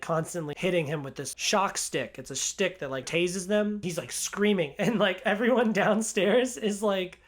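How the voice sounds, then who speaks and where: A young man giving a casual movie review, gushing and excitable, laughing often and peppering his talk with "like". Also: high voice. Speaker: film reviewer.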